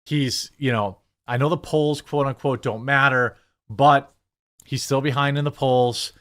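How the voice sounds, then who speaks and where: A man hosting casual political commentary, talking in an animated, sarcastic way with lots of fillers. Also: mid-range voice, a little slow. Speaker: political commentator, channel host.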